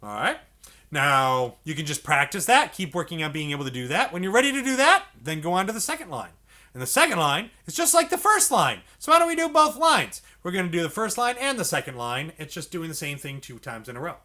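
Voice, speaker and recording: High, lively-voiced man teaching saxophone. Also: fairly quick. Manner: patient, repetitive step-by-step coaching. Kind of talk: instructional explanation for beginners.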